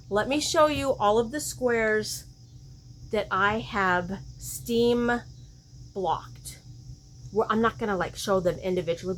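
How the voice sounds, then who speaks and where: A woman's voice: mid-range voice, a little hiss or hum. A woman hosting a crochet vlog, chatting casually and thinking aloud, often questioning herself mid-sentence. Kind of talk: casual show-and-tell chat.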